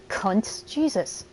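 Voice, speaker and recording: A woman giving casual, chatty let's-play commentary while she plays, excitable and quick to swear. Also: sits high, creaky, slight background noise. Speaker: gameplay streamer.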